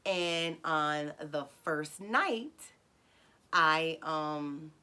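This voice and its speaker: Bright-voiced woman telling a story. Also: drawn-out words, smooth. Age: adult with a son. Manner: animated, acts out dialogue with sudden high excited bursts; frequent fillers and self-corrections. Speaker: vlogger telling a personal story. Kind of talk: casual storytelling.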